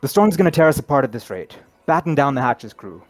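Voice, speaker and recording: A man's voice: medium pitch, animated, moderate pace, darkish tone, dry recording, natural voice. A man voicing a furious ship captain who roars and barks orders at his crew in a storm. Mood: angry shouting. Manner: barking orders, gruff. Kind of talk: tabletop game character voice.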